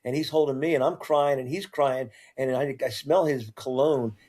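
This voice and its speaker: Older man telling his story haltingly. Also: mid-range voice, steady tone, dark tone. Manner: halting, repeats and restarts words. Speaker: guest. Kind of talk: first-person storytelling in an interview.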